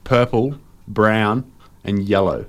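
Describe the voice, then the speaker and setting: A man running a comedy quiz with quick, playful banter. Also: on the low side. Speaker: quizmaster.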